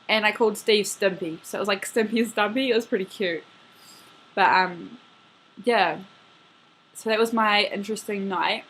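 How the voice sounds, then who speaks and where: A woman's voice: medium pitch, a little slow, long pauses, a bit bright, a little hiss or hum. An eighteen-year-old woman talking to her best friend in a casual video message from her bedroom, rambling and filling her talk with "like" and "um". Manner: chatty, rambling, full of "like" and "um".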